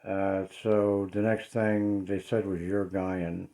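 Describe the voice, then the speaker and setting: Amid crowd noise, a man with a low voice speaks slowly and flatly in a home vlog about the paranormal. Indoors at his place, he sounds hesitant and uneasy, filling his casual talk with ums and uhs.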